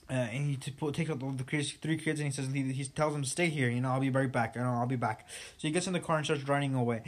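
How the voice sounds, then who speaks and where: A man casually retelling a sad film plot, rambling, with many fillers and restarts. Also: mid-range voice.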